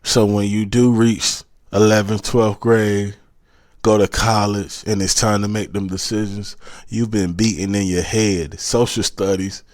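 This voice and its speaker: This Southern-accented man from South Carolina hosts a podcast, giving a preachy, motivational talk full of repeated urgings. His lowish, darkish voice barely moves in pitch and runs a little slow, captured in studio quality without echo.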